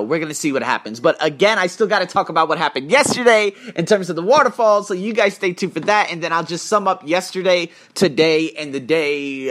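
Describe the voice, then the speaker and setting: A man's voice: on the high side, a bit bright. A man casually recapping his travels as a vlogger, rambling and storytelling with lots of fillers, talking from indoors on a rainy day. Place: indoors in a hotel room during rain.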